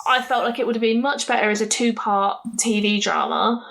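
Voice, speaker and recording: A woman with a fairly high voice chats casually as a podcast co-host. She speaks in an opinionated, chatty way, with quick asides. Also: fairly even intonation, gravelly, fairly bright tone. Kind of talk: casual chat.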